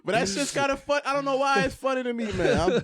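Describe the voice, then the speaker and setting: A young man with a Hartford, Connecticut accent, a comedian guest telling funny street stories and acting out the quotes loudly. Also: very high-pitched, fast, crowd noise. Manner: animated, loud acted-out quotes in stories. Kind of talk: casual storytelling.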